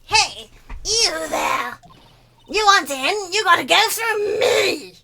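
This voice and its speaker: A woman doing a crabby old security guard lady from a video game, who scolds and rambles on about the youth of today. The voice sits high and bright and swoops all over the place. She drags her words out slowly. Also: sing-song, gravelly, heavily acted. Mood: brusque. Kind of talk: game dialogue voiced aloud.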